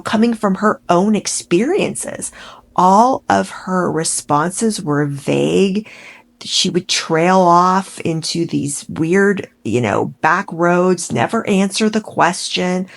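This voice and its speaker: A woman vlogger giving opinionated commentary in a sarcastic, exasperated, animated way. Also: mid-range voice, vocal fry.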